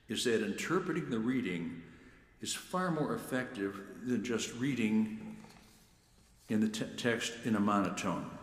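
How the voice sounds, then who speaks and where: Measured man in an echoey hall. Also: fairly low pitch. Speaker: church lector. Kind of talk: prepared talk on reading scripture aloud. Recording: echoey room with long reverb.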